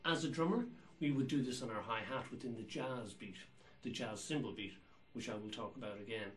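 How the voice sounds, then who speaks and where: A man's voice: medium pitch, a little fast, a little hiss or hum, low-quality recording. A man teaching jazz rhythm, explaining patiently and counting beats and scatting rhythms aloud. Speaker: drum teacher. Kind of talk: instructional explanation.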